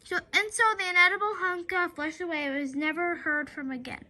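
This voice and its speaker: A woman reading a children's book aloud in a lively storytelling way, often stumbling and restarting her words. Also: extremely high pitch, fairly quick, very noisy.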